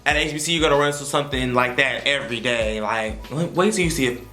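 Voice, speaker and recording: A man's voice: mid-range voice, quick pace, sharp tone, roomy sound. A young man, a college freshman, giving sassy, slangy advice in a casual vlog. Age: young adult. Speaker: vlogger.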